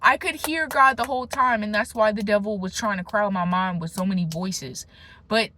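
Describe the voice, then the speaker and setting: A young woman talking straight to her followers in a casual faith vlog. She speaks emphatically and conversationally, with slangy asides and false starts. Her delivery jumps between animated bursts and quiet, hushed stretches. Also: mid-range voice, normal speed, slight background noise. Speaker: faith vlogger. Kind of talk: casual spoken testimony.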